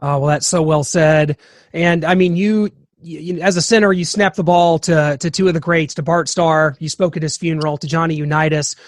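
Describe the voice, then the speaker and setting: A man's voice: fairly high pitch, fairly even intonation, moderate pace, no room sound, clean studio sound. A man hosting a radio interview, asking long, rambling questions padded with fillers and hedges. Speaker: radio show host.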